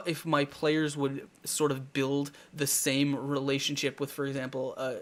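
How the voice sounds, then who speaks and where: A man hosting a live talk show, telling game stories in a rambling, animated way with lots of restarts. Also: medium pitch. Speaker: talk show host and dungeon master.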